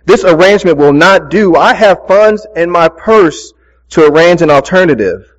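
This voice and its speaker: A man's voice: sits high, expressive, normal speed, highs cut off. A pastor voicing a haughty, demanding wealthy woman passenger in a story he tells during a sermon. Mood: indignant. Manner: indignant, demanding.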